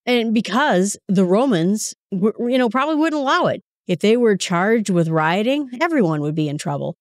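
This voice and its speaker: A woman's voice: mid-range voice, lively intonation, normal speed, hardly any pauses, no echo, studio quality. A woman hosting a Bible study podcast, talking through scripture in a casual, conversational way with chatty asides and self-corrections.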